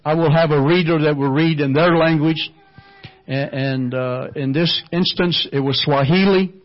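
Man preaching, telling his story all fervent with uhs, kinda muffled lo-fi church recording. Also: fairly high pitch. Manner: storytelling, fervent, hesitant fillers. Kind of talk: sermon testimony.

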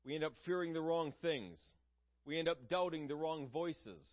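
A man's voice: a little high, moderate pace, muffled recording. A man preaching a sermon in an earnest, conversational way, asking his listeners questions.

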